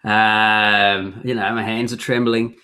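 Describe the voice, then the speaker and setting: A man's voice: on the low side, flat delivery, slow, pushed and bright. A man co-hosting a podcast over an audio-only video call, wry and self-mocking. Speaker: podcast co-host. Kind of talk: casual chat.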